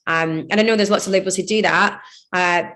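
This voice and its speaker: A woman's voice: on the low side, fairly even intonation, brisk, fairly bright tone. A woman DJ and producer in her thirties, chatting loosely in an interview, rambling and laughing often. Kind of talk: casual interview chat.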